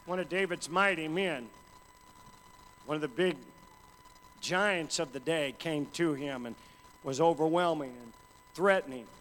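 A man preaching a sermon with passion, dropping to a hush and then building up to shouts. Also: on the high side, a little slow, pauses often, a little hiss or hum. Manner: impassioned, swings from hushed to shouting. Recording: hall reverb with faint ambience.

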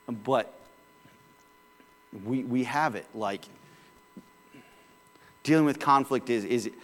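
A man's voice: medium pitch, in a large hall. A male pastor preaching a sermon in a casual, conversational way, with sudden bursts of volume.

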